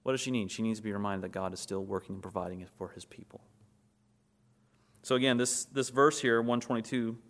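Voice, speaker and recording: Man, pastor, low voice, sermon, rhetorical questions, emphatic peaks. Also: a little fast, a bit bright.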